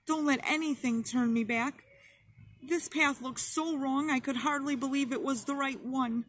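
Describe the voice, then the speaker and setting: A frightened young pilgrim woman, as a woman reader puts her on, pleads in high, sobbing cries. Her voice sits well above the reader's own and moves slowly. It is storybook narration from an audiobook. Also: fairly even intonation, a bit bright, poor audio. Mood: pleading.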